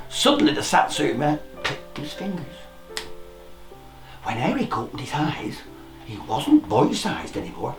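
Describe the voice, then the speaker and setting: Lively, playful children's storyteller. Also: mid-range voice, a little slow. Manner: expressive, playful read-aloud with sound effects. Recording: roomy echo, faint music.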